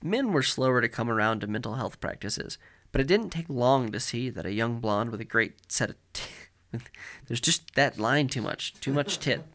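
A man's voice: mid-range voice, expressive, moderate pace, fairly bright tone. A man co-hosting a comedy podcast, reading erotic fiction aloud, often stumbling over words and breaking into laughter. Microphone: studio mic with headphones.

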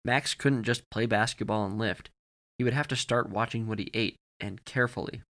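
Male storyteller, low voice, bright forceful tone, matter-of-fact reading. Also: steady tone, normal speed. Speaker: audiobook narrator. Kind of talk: scripted narration of fiction.

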